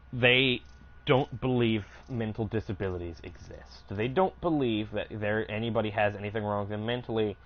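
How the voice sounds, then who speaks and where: While playing a game, a young streamer tells a rambling, profane story in a casual way, often cutting himself off mid-thought. His voice is on the low side, and the audio has its highs cut off.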